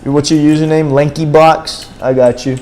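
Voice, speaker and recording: A man's voice: fairly high pitch, flat delivery, moderate pace, a little mellow. A young man streaming a game and telling a long story in a rambling, slangy way, with many fillers and restarts. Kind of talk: casual livestream storytelling.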